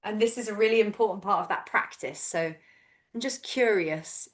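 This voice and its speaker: A woman in her thirties, a vocal coach gently and encouragingly guiding a voice and breath workshop over a video call. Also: medium pitch, normal speed. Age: 30s.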